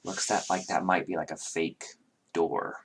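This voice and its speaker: A man's voice: low voice, flat delivery, measured pace, a little hiss or hum. A man narrating as game master, rambling with many fillers and self-corrections.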